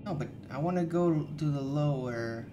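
This is a streamer playing a horror game live. The talk is casual and half-muttered while they play, with sudden curses at the scares. The voice sits in a middle pitch. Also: moderate pace, lo-fi sound, noisy background. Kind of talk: live gameplay chat.

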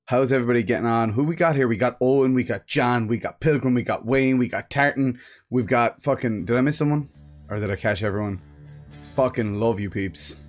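A man's voice: medium pitch, fairly quick, soft background music. Chatty Irish man streaming a game. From Ireland. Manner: chatty, laughs often, swears freely, greets viewers by name. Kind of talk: casual live-stream chat.

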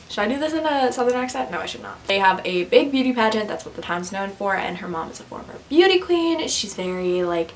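A woman's voice: medium pitch, slight background noise, low-quality recording. A young woman vlogging casually about a book and its film, chatty and giggly with lots of fillers. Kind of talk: casual chat to camera.

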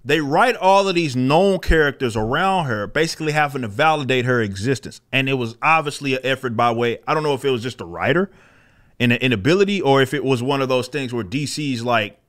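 A man's voice: mid-range voice, animated, brisk, a bit bright. A man giving casual video commentary on comic books, blunt, profane and incredulous.

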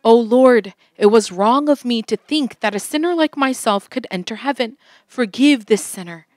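A woman's voice: on the high side, animated, normal speed, dry recording, clean studio sound, voice pushed up, close to an everyday voice. A woman voicing an older woman church elder who cries out and pleads in repentance. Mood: pleading cry. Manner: crying out, pleading.

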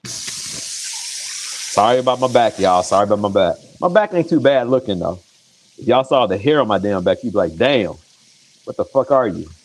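A man hosting a casual cooking livestream, excitable and crude, joking and chatting straight to his viewers. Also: on the low side, normal speed, long pauses. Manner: excitable, crude, jokey, chats directly to viewers. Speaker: home cook hosting a cooking show.

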